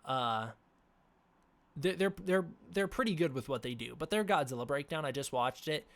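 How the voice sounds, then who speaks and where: A man's voice: fairly high pitch, lively intonation, normal speed, fairly bright tone. A man hosting a casual livestream, ranting animatedly with many fillers and restarts, his throat sore and scratchy. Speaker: livestream host.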